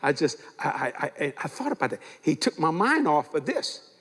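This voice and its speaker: Older preacher with a lively, folksy delivery. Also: male voice, a little high, normal speed, slightly rough. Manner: animated, folksy, acts out dialogue. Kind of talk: sermon with storytelling. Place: large church. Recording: reverberant church hall.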